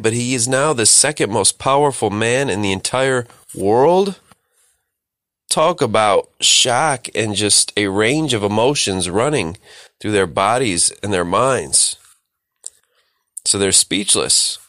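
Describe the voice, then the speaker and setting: A man's voice: medium pitch, fairly bright tone, no echo, studio quality. A man leading a Bible study, reading scripture and exhorting listeners earnestly.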